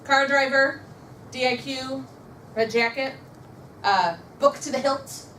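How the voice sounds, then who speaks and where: A woman's voice: high-pitched, slow, bright, forceful tone, reverberant, far from the mic, a little hiss or hum. A woman leading a motivational sales training session, upbeat and coaching, and having her audience repeat affirmations after her. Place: meeting room with a live audience.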